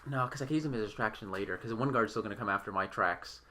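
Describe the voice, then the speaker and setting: A young man with a bright, rapid voice plays a tabletop game. He is brash and profane and quick to joke, firing off his moves in a casual way. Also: fairly low pitch. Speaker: player.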